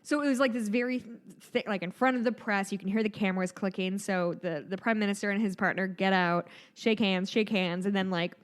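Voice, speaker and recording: A woman's voice: mid-range voice, fairly even intonation, brisk, hardly any pauses. A woman in her thirties, co-hosting a podcast, talks through stories in a casual, rambling way with plenty of fillers and laughs. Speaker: podcast co-host. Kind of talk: casual chat.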